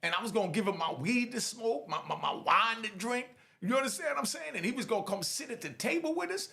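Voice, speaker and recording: Man from Jamaica, storyteller; high, gravelly voice; animated casual delivery. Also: quick pace. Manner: animated, keeps saying "you know what I mean". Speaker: storyteller recounting prison life. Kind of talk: casual first-person storytelling.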